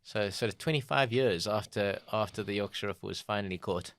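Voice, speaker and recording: A man from South Africa co-hosting a comedy podcast, chatty and quick to laugh. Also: lowish voice, fairly bright tone. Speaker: podcast co-host. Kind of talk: casual comedy chat.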